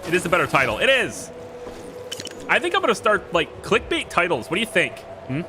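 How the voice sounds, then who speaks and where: Guy streaming a game, chatty and jokey, talking himself thru it, game music up loud behind. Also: sits high, huge pitch swings, quick pace. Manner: chatty, joking, thinking aloud while playing. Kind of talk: casual let's-play commentary.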